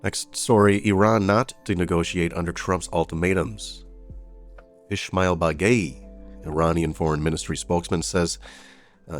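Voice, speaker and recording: Man, very low voice, casual news commentary, mocking asides, soft music behind. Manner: reads headlines then adds sarcastic asides.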